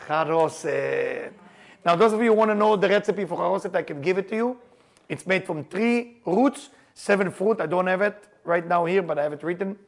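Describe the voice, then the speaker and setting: A man teaching a group about the Passover seder. He tells stories with humor, laughs often, and raises his voice for emphasis. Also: high voice. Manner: animated storyteller, laughs and jokes, shouts for emphasis. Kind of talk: lively teaching talk to a group.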